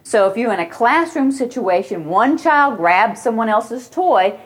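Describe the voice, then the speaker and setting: Woman lecturing with lively storytelling. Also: on the high side, unhurried. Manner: storytelling, acts out children's cries and voices. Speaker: parenting educator. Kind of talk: lecture with anecdotes.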